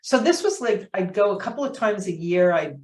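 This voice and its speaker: A woman's voice: medium pitch, lively intonation, fairly quick, darkish tone. A woman in her fifties, a coach, telling her story as an interview guest in an earnest, reflective way, with many fillers.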